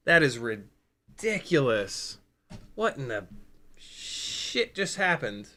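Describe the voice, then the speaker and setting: A man hosting a casual drone-hobby livestream, talking excitedly and swearing freely as he explains soldering step by step, often restarting his sentences. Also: medium pitch, slow pace, long pauses. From United States. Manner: excitable, profane, rambling with restarts. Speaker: FPV drone livestream host.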